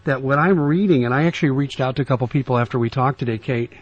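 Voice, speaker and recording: A man hosting a radio talk discussion, earnest and conversational with halting restarts. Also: medium pitch, dry recording. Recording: dull lo-fi broadcast audio.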